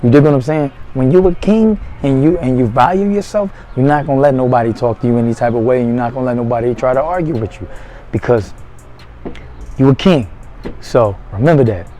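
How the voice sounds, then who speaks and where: A man's voice: mid-range voice, brisk, dark tone, soft background music, low-quality recording. A man giving blunt, profane dating advice in a casual monologue, full of streetwise slang.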